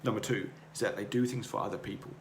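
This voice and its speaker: A man with a lowish voice talks earnestly and circles back over his own words in a rambling motivational monologue. The room around him is echoey, and a faint hiss sits under the voice. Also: fast. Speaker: podcast host. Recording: roomy echo, faint noise.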